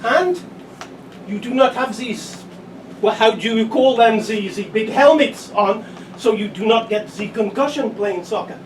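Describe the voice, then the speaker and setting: A pompous French expert, as a man plays him on stage, who stammers and repeats himself in a thick French accent. The voice sits high and is caught from a distance in an echoey room. There is steady noise behind it. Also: natural voice. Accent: put-on French. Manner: halting, stammering, emphatic. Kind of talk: improv comedy scene. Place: stage in front of an audience. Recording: echoey stage, far mic, background noise.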